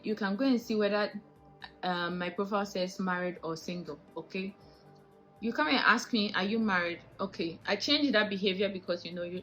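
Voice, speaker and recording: A young Ghanaian woman vlogs to her camera with a bright, forceful voice and a clear Ghanaian English accent. She is animated and indignant, with lots of rhetorical questions. Faint music plays under her. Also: medium pitch, highs cut off. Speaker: vlogger. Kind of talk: casual vlog monologue.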